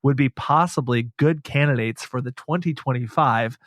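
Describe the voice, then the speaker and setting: A man's voice: medium pitch, moderate pace, fairly bright tone, no echo, clean studio sound. A man from the American Midwest hosting a travel podcast in casual, enthusiastic chat. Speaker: podcast host.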